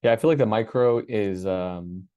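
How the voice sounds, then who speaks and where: A man hosting a workshop, walking through his screen in a relaxed, casual way and thinking aloud with many fillers. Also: on the low side, moderate pace, clean tone, no echo, lo-fi sound. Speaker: workshop host. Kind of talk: casual screen-share walkthrough.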